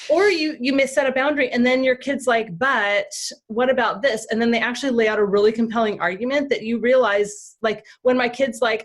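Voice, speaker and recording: A woman being interviewed as a parenting expert, talking casually and telling stories with lively acted-out bits of dialogue. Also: a little high. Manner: animated storyteller who acts out quoted dialogue; frequent fillers and restarts.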